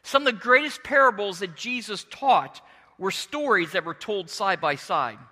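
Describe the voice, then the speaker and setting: A middle-aged pastor delivers a sermon with a storyteller's flair, often slipping into voices for the people he describes. His voice sits high and bright and swings widely in pitch, and the recording carries the long reverb of a large church hall. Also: normal speed. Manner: expressive storyteller, switching into character voices.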